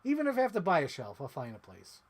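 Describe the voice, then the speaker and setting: A man chatting casually on a live stream while unboxing toys, rambling and excitable with lots of "like.". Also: a little high, quick pace. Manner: rambling, excitable, heavy use of "like". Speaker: toy collector streamer.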